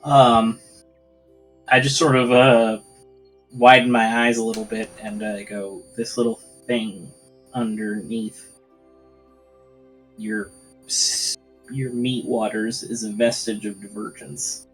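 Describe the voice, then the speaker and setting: A man's voice: lowish voice, level tone, takes it slowly, pauses often, fairly bright tone, faint music behind, rough recording. A man playing his character at a tabletop game, talking hesitantly with many fillers. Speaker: player.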